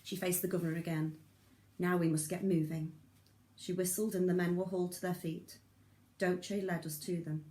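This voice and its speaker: Low-voiced woman reading a novel aloud. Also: level tone, fairly quick, warm tone, reverberant. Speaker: audiobook reader. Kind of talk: audiobook narration.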